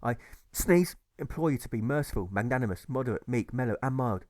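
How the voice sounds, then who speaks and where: A man's voice: mid-range voice, animated, a little fast, darkish tone, no room sound, studio quality, lightly acted. A man voicing a mild, fussy counsellor who sneezes, burps and sniffs mid-speech. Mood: pleading. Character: old-fashioned male town counsellor, mild and fussy.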